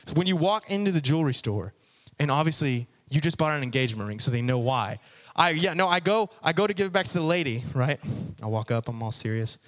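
Higher-voiced young preacher telling a story. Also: male voice, fast talker. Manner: animated storytelling, addresses the audience. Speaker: youth preacher. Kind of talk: sermon testimony.

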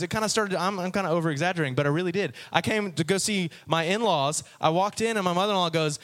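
A preacher from Texas, a man, gives a joking sermon and talks straight to his audience in a playful, animated way. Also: high-pitched, rapid-fire, hardly any pauses.

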